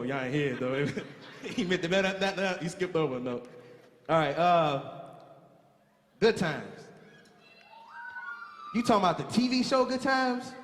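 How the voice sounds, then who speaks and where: A man on stage as emcee, teasing the audience in comic banter with drawn-out sighs. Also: high-pitched, slight background noise. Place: theater stage with live audience. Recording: echoey theater hall with live music.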